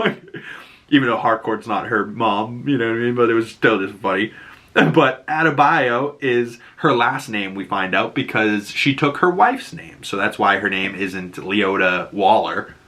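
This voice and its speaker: A man with a Boston accent casually recapping a TV episode, laughing often and acting out characters' lines in quick bursts. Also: medium pitch, a bit bright. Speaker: show recap host.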